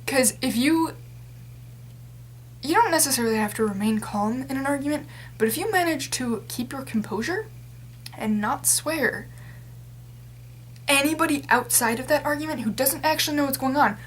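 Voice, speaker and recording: A woman's voice: high voice, normal speed, pauses often, a little hiss or hum. A young adult woman talking straight to camera in a casual vlog rant, rambling and exasperated, with lots of fillers. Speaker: vlogger.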